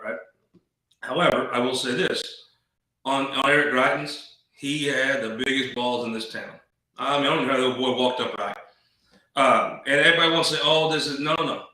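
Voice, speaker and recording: A man's voice: mid-range voice, sharp tone, recorded from a distance. A man hosting a political show, talking bluntly in a folksy, rambling way with restarts. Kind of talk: casual political commentary. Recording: very echoey room, off mic.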